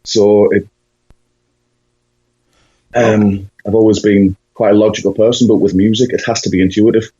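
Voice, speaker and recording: Husky low-voiced Englishman musing hesitantly. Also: level tone, moderate pace, pauses often, dark tone, no room sound. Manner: reflective, many fillers and restarts. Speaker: musician guest. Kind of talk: casual interview answers. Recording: dull lo-fi sound.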